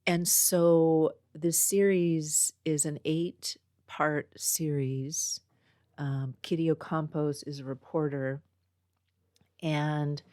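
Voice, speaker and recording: Woman podcast host from Northern California, low voice, dry close mic, casual meandering storyteller. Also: darkish tone, no room sound. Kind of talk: casual chat. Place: home next to a small post office. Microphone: own podcast mic.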